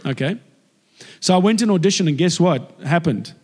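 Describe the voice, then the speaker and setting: A man in his forties from South Africa, preaching by telling stories and acting out the voices of people in them. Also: moderate pace. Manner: animated, acts out quoted voices with big pitch jumps. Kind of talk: sermon storytelling. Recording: long reverb of a large hall.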